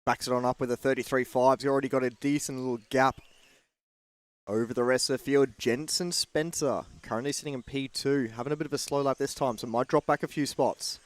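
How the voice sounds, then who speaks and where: A man giving play-by-play race commentary with steady lap calls. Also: medium pitch, a little fast.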